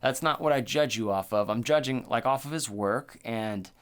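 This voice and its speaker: A man co-hosting a horror podcast, talking in a loose, profane, excitable way and filling his speech with "like" and "dude.". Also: medium pitch, normal speed, clean tone. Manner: animated, profane, full of "like" and "dude". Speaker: podcast co-host. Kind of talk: casual chat.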